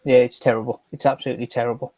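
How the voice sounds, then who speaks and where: A man's voice: mid-range voice, little pitch movement, racing, darkish tone, no room sound. A man co-hosting a podcast, talking earnestly in casual chat and restarting his sentences often. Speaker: podcast co-host.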